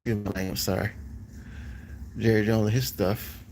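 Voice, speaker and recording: A man's voice: on the low side, level tone, normal speed, a little mellow, a little hiss or hum, poor audio. A man vlogging as he cooks, chatting casually to his viewers and rambling, repeating phrases, talking slangy. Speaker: cooking vlogger.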